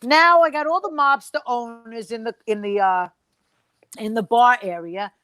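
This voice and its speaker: A woman's voice: a little high, normal speed, a bit bright, no echo. A woman comedian telling a profane, brash story at a comedy round table, acting out the other voices in it. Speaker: comedian guest.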